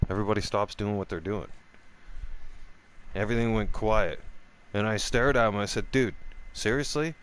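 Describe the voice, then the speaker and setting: A middle-aged gaming vlogger tells a rambling, profane story in a casual rant, speaking in a steady, clean tone at normal speed with frequent pauses. He restarts sentences often, and his voice leaps up high whenever he quotes himself.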